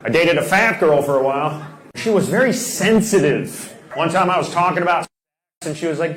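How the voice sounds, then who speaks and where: A man's voice: fairly high pitch, fairly quick, echoey room, a loud crowd, low-quality recording. A man performing a stand-up comedy set on a large theater stage, delivering punchy one-liners.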